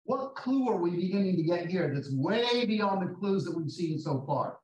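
A man leading an interactive Bible study, reading scripture slowly and putting questions to his class. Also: sits high, sing-song, a little mellow. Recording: roomy, distant mic, faint noise.

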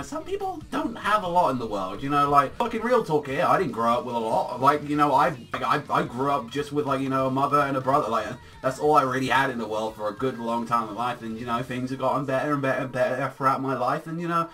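A man's voice: mid-range voice, bright, forceful tone, distant mic. A man giving a casual, rambling manga chapter review, full of filler words and swearing.

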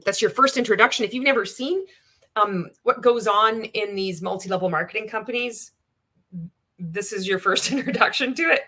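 A woman's voice: medium pitch, bright, forceful tone. Exasperated woman doing reaction commentary. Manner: exasperated, sardonic, reads comments aloud. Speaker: anti-MLM commentator.

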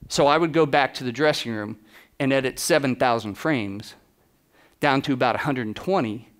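A man giving a conference keynote, telling stories in a casual, animated way, full of fillers and acted-out quotes. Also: medium pitch, moderate pace. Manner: animated storytelling, acts out quotes with voice drops; casual, many "like" and "you know" fillers. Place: conference stage before an audience.

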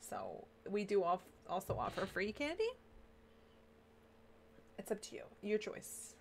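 A woman's voice: medium pitch, wildly swooping pitch, a little slow, vocal fry, slight background noise. A woman streaming a video game, chatting playfully with viewers, greeting them by name and humming along with a giggle. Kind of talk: casual live-stream chat.

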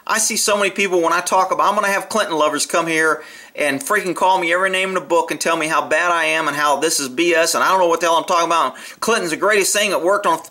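A man's voice: on the high side, fast talker, bright, forceful tone. Blunt, profane man commenting on a video. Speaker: video commentator on horse training. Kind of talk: casual spoken commentary over a video.

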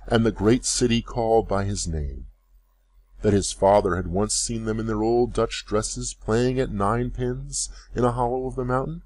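A man reading a classic story aloud as narrator, in measured storytelling. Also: low voice, darkish tone, husky. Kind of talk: scripted audiobook narration.

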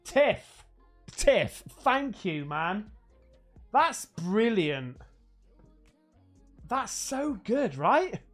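Excitable English streamer, unhurried, swears a lot, faint music under him. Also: male voice, high-pitched. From England. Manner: swears freely, laughs often, excitable. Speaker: streamer opening fan gifts. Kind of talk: casual livestream chat.

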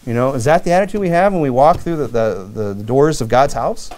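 A man from Michigan preaching a sermon, animated, with many asides and acted-out quotes. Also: mid-range voice, a little fast. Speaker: pastor.

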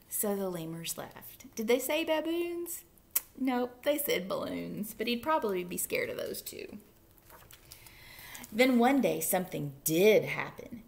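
A woman's voice: medium pitch, vocal fry. Playful woman reading stories aloud to kids. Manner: expressive, slow, playful asides to children. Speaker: children's librarian. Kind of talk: preschool story time reading.

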